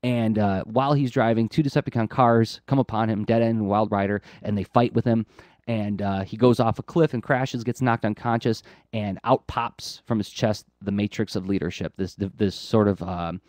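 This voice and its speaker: A man co-hosts an art podcast in an eager, rambling way. His voice is on the low side and full of fillers and restarts. He speaks into a close mic in a dry-sounding room. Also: steady tone, normal speed, a little mellow, no echo. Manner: enthusiastic, rambling, frequent fillers. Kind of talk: casual explaining chat.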